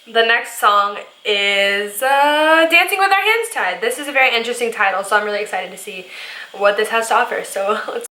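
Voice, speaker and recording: A young woman vlogger reacting to music, gushing and rambling excitedly with lots of fillers. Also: medium pitch, brisk, background noise. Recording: echoey room.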